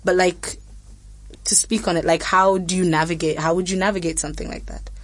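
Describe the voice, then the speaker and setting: A young woman talks frankly and casually as a podcast host, with lots of fillers and lively quoted asides. Her voice sits a little low and sounds close and dry, with no room around it. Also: fairly quick, no room sound. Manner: frank, chatty, many fillers, animated quotes. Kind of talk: candid casual chat.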